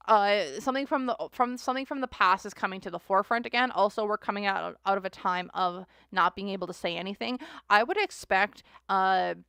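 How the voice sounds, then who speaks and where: A woman's voice: mid-range voice, vocal fry, fairly bright tone, smooth, no room sound, clean studio sound. A woman hosting a casual tarot reading chat, talking in a rambling, chatty way. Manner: chatty, rambling, voices others in mocking asides. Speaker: tarot reader host.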